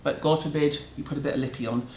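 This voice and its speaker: A woman's voice: sits low, steady tone, fast talker, darkish tone, slight background noise. Blunt British woman ranting, roomy echo. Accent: British English. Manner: blunt, sarcastic, emphatic. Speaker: beauty vlogger. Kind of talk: casual rant to camera. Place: home room in a city.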